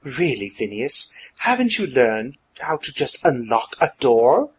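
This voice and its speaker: A man voicing a sharp adult woman who scolds and sounds suspicious. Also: medium pitch, very animated, unhurried, slightly rough, heavily acted.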